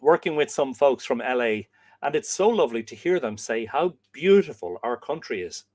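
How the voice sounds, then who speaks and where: Expressive and medium-pitched, this Irish livestream host reads out viewer comments at a moderate pace and chats back to them warmly. The sound is clean studio quality without any echo.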